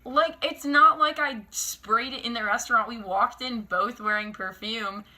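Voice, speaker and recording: A young woman vlogger telling a storytime in a casual, animated, exasperated way, full of fillers. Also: fairly high pitch, unhurried. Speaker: lifestyle vlogger.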